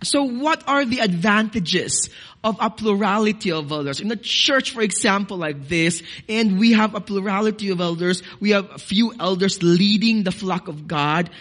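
A man's voice: high-pitched, lively intonation, moderate pace, fairly bright tone. Man preaching a sermon, emphatic. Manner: preaching with scripture references and repeated words, varying emphasis; addresses congregation as "dearly beloved". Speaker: pastor.

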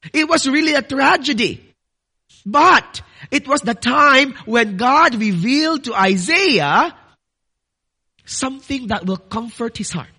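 Male preacher, very high bright voice, earnest sermon delivery that builds to emphatic declarations. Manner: addresses listeners as "dearly beloved".

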